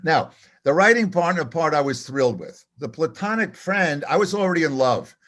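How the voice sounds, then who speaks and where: Animated older male comedy storyteller. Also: a little high, normal speed. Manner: animated, self-deprecating storyteller who acts out dialogue. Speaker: comedy writer. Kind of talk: storytelling anecdote.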